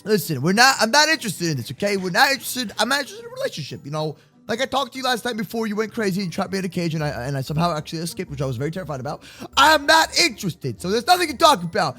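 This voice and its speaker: A man hosting a game roleplay video, talking in a loud, hyper, jokey way and stammering into quick repeats. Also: high voice, huge pitch swings, faint music behind. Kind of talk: excited game roleplay commentary.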